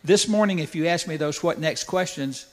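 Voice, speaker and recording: A man's voice: a little high, normal speed. An older man giving a folksy, conversational sermon story, with asides to the audience. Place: church sanctuary. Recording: echoey church hall.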